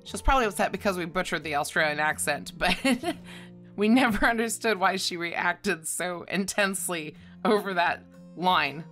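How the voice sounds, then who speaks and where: A woman with a fairly low but bright, forceful voice talks about her dog in a fond, scripted tribute, chuckling between sentences. Soft guitar music plays faintly behind her. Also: normal speed. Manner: warm, fond, chuckles often. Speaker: dog channel vlogger.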